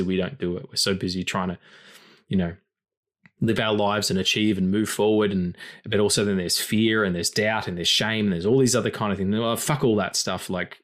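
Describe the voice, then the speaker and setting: A man's voice: on the low side, fairly bright tone. A man hosting a film podcast in casual chat, rambling and philosophizing with frequent swearing. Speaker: podcast host.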